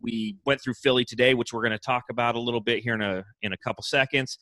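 A man hosting a casual sports podcast, energetic and joking. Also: mid-range voice, quick pace, no echo. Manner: energetic, joking, hypes the team. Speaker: podcast host.

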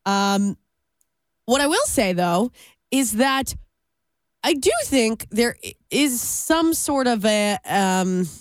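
A woman's voice: fairly high pitch, lively intonation, slow, no echo. A woman radio host chatting casually on a podcast, self-deprecating and easygoing, talking into a studio microphone.

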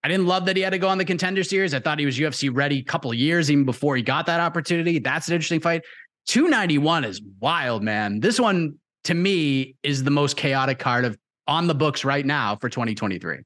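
A man's voice: fairly high pitch, expressive, fast talker, fairly bright tone. A man hosting a casual interview, talking in a chatty, enthusiastic way. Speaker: interview host.

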